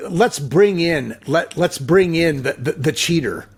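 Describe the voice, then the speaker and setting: Gravelly, breathy man co-host. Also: fairly high pitch, animated, measured pace. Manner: hesitant, stammering restarts. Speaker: podcast co-host. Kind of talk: casual chat.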